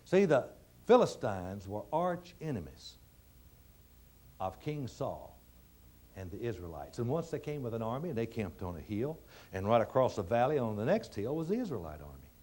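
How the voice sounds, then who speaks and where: A man giving a motivational speech, telling stories in a folksy, dramatic way that swings between quiet and emphatic. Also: mid-range voice, big pitch swings, moderate pace. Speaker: motivational speaker.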